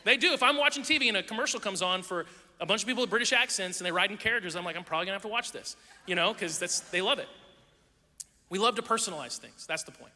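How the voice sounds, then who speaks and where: Bright-voiced man preaching in a hall. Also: high-pitched, fast talker. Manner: animated storytelling with jokes to a congregation. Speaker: pastor. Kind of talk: humorous sermon. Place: large hall with a live audience. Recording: live hall with long reverb.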